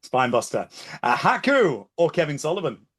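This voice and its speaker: A man hosting a quick-fire quiz segment on a podcast in a punchy, playful way. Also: fairly high pitch, big pitch swings, fairly bright tone, breathy edge. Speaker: segment host.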